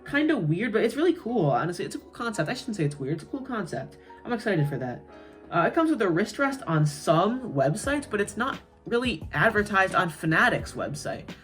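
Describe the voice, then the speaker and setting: A woman's voice: medium pitch, sing-song, moderate pace, soft background music. A woman giving a casual, rambling product review, full of fillers and asides. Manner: chatty, rambling, frequent fillers. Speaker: tech reviewer.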